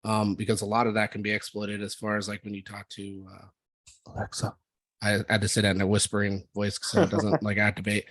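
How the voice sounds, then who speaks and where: A man hosting a casual trading meeting, talking through charts in a relaxed, rambling way with lots of fillers. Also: fairly low pitch, fast talker, few pauses, dry recording. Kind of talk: casual market discussion.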